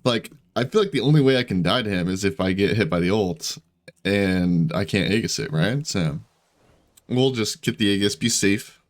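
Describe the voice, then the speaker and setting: A man's voice: lowish voice, lively intonation, normal speed. A man giving casual gameplay commentary, chatty and self-deprecating as he thinks aloud about his moves. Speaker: gaming YouTuber.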